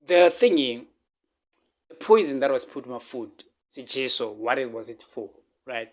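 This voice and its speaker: A man telling a personal story on his vlog, halting and repeating himself, close to tears. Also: mid-range voice. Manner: halting, repeats words, fillers like "man" and "right?". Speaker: vlogger.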